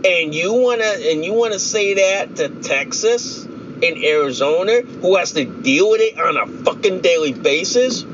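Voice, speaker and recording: A man's voice: high-pitched, lo-fi sound, noisy background. A man delivering a heated, profane rant, repeating himself and piling on insults. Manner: profane, repetitive, heated ranting. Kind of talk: angry political rant vlog.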